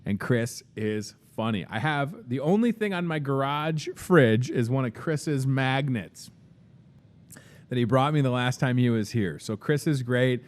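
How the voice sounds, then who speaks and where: A man's voice: mid-range voice, animated, unhurried. A man hosting a live local morning show, chatting casually and upbeat into a handheld microphone. He keeps things loose, tossing asides to the crew between plugs. He is recorded inside a grocery store.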